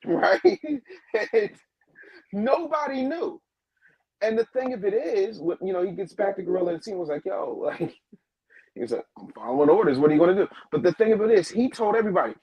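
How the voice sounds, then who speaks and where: A man who manages wrestlers, telling a backstage story as a guest, acting out the quotes in a lower voice. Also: lively intonation, fairly quick, husky, no room sound, dull audio. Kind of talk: animated storytelling.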